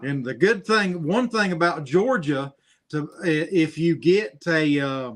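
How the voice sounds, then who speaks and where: A middle-aged man with a slightly high voice chats casually. His talk is plain and folksy as he tells stories and explains practical know-how. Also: animated, unhurried. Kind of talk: casual chat.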